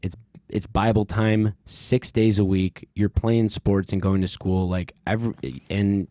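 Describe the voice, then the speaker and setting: A man's voice: lowish voice, flat delivery, measured pace, darkish tone, no echo, studio quality. A man hosting a podcast, telling a childhood story in a rambling, candid way, swearing freely and leaning on fillers. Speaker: podcast host. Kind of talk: casual conversational storytelling.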